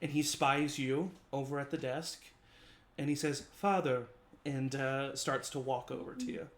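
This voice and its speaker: A man's voice: mid-range voice, flat delivery, moderate pace, a bit bright, roomy sound. A man narrating as game master of a tabletop game, hesitant and full of "um"s and "uh"s. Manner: hesitant, with many "um"s and "uh"s.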